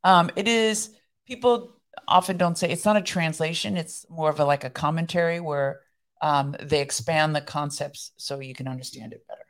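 Brief: female podcast co-host, deep voice, chatty explainer. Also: normal speed. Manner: explanatory, chatty, laughs easily. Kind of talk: casual chat.

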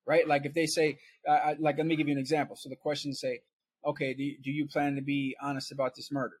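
A man's voice: on the high side, a little hiss or hum. A man guest on a podcast, telling his story in a casual, conversational way and checking in with "right?".

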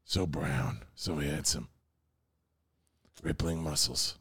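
A man co-hosting a podcast in casual, joking chat, animated and quick to slip into silly voices. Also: rumbling low, gravelly, slightly rough, dry recording. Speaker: podcast co-host.

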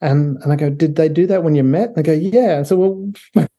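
A man's voice: a little high, brisk, creaky, warm tone. A man speaking as an author guest on a podcast, chatty, often laughing and restarting his sentences. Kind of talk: casual interview talk.

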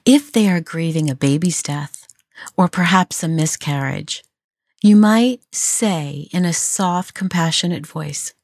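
A woman hosting a podcast, giving advice in a gentle, compassionate way. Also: lowish voice, lively intonation, takes it slowly, no echo, clean studio sound. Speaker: podcast host. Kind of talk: scripted advice talk.

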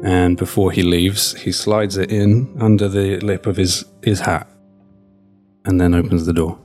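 A man's voice: low-pitched, little pitch movement, a little slow, over music. A man playing a tabletop role-playing game, describing his character's actions with hesitant fillers. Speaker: player.

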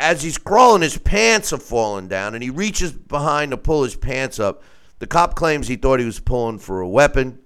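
A man's voice: a little high, fairly bright tone, clean tone. A man calling in, talking casually in a rambling way, with many repeated words and false starts, acting out quotes as he tells a story. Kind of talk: casual call-in chat.

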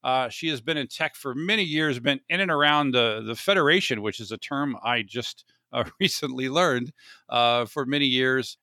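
A man's voice: mid-range voice, moderate pace, pushed and bright, no echo, clean studio sound. A man from Florida hosting a podcast in a chatty, joking way, often restarting his sentences. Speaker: podcast host. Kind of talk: casual podcast chat.

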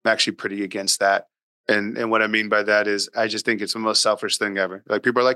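Male podcast guest: forceful, bright tone, dry close mic, emphatic and blunt. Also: on the low side, flat delivery, fast, dry recording. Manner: emphatic, acts out dialogue with his daughter; blunt, occasional swearing. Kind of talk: casual interview talk.

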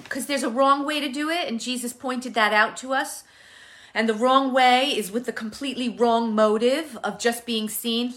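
A woman gives a Bible teaching in a relaxed, chatty way, pausing on fillers and restarting her sentences. Her voice is bright and rather high, and her pitch swings widely as she talks. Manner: conversational, with many fillers and restarts. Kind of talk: casual teaching sermon.

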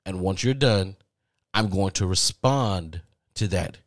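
Low-voiced Southern man telling a story. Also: dry recording, clean studio sound. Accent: Southern American. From American South. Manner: animated, acts out both sides of a phone call in quick voices. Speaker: podcast host. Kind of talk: comedic storytelling.

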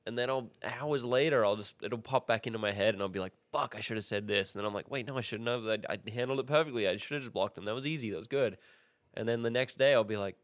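A man in casual podcast chat, telling stories quickly and animatedly, swearing freely. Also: mid-range voice, dry recording. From Australia. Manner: fast, profane, animated storytelling. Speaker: podcast guest, skateboarder.

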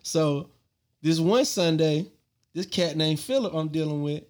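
A man's voice: a little high, measured pace. Laughing man telling stories. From Georgia, US. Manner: animated, laughs often, slangy and profane. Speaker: podcast host. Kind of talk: casual storytelling.

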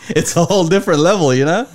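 A man co-hosting a podcast in casual chat, jokey and quick to laugh. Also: sits high. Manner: jokey, laughs often, animated. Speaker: podcast co-host.

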